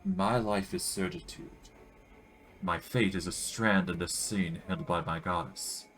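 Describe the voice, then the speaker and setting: Man reading as a stern priestess of death, calm, measured, low voice. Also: gravelly, full character voice. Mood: solemn. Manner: solemn, measured.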